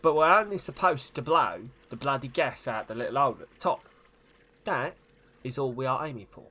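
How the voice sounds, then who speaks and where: Brief: streamer putting on a pompous older gentleman, slow with heavy emphasis, raised and animated. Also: medium pitch, slight background noise. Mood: grand, emphatic. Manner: slow, deliberate, over-stressed words.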